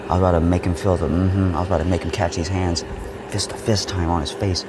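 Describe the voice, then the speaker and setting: A man casually telling a story from his school years, acting out the voices and swinging from whispers to shouts. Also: low-pitched, flat delivery, fast talker, noisy background. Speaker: vlogger.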